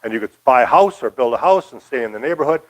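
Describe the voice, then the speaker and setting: A man's voice: medium pitch, expressive, quick pace, low-quality recording. An older man from Michigan giving a casual, rambling local history talk, folksy with many fillers. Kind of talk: casual lecture.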